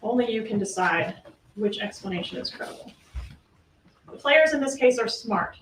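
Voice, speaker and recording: A woman's voice: a little high, slight background noise. A woman prosecutor giving a closing argument in court, pressing the jury with pointed rhetorical questions. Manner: rhetorical questions, emphatic pauses. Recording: echoey courtroom audio from far off.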